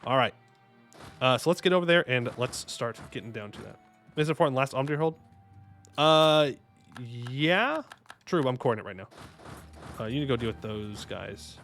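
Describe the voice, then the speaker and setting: A man streaming a strategy game, commenting casually and excitably, talking to himself and his chat with jokey asides. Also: mid-range voice, normal speed, long pauses. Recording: faint music behind the voice.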